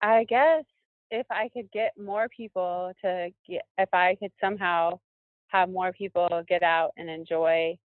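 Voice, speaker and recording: A woman, a professional skier, talking casually in an interview and often pausing with fillers as she looks for words. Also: lowish voice, fairly even intonation, dry recording. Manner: thoughtful, searching for words with many fillers. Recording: dry, tinny phone-like line.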